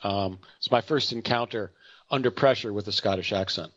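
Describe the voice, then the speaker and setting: A man's voice: fairly low pitch, moderate pace, fairly bright tone, no room sound, muffled recording. A middle-aged man giving an unscripted market commentary, rambling and correcting himself with chatty asides and anecdotes.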